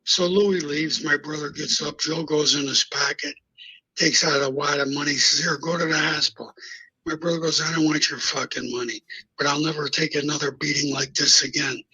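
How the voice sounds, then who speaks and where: A man's voice: a little high, steady tone, normal speed, bright, forceful tone, husky, rough recording. An older man, a guest on a live stream, tells a street story bluntly and profanely, acting out each exchange of dialogue. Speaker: guest recounting mob history.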